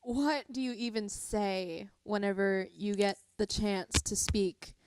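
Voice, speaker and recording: A woman's voice: mid-range voice, slow, noisy background. A young woman co-hosting a fan podcast, speaking earnestly and thoughtfully. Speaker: podcast co-host. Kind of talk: casual fan podcast chat.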